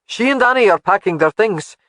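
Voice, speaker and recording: A narrator voicing a stern Highland laird in an audiobook, terse and commanding. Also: male voice, animated, a little fast, sharp tone, no echo. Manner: terse, clipped. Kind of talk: audiobook character voice.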